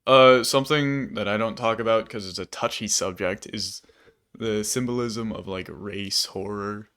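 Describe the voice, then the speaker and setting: A man talks through a film on a casual podcast, meandering and full of fillers. His voice sits low and easygoing. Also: normal speed, a bit bright, clear, resonant tone. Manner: rambling, many fillers. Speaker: podcast co-host. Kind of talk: casual movie review chat.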